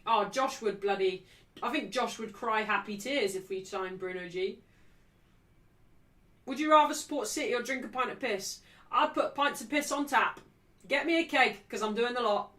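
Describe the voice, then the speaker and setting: A woman hosting a football watchalong stream, calling the play, cheering loudly and joking brashly with her live chat. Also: on the high side, moderate pace. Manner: excitable, shouting cheers at big moments. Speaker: livestream host.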